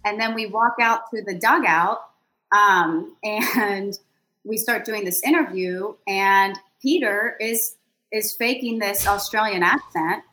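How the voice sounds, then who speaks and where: A woman telling a lively, self-deprecating story in a casual podcast chat. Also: medium pitch, a little hiss or hum, poor audio. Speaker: sideline reporter guest.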